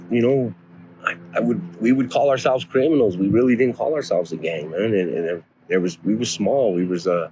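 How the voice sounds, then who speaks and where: A man in his forties from North Denver, telling rough stories from his past in casual, profane street slang. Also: lowish voice, normal speed, music in the background. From North Denver, USA. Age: 40s. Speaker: interviewee. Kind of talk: casual storytelling.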